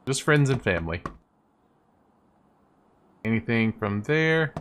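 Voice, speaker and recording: A woman voicing a weary, down-on-his-luck man in a game, speaking in a low, dry, deadpan way. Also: takes it slowly, soft background music, heavily acted. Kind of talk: voice-acting a game.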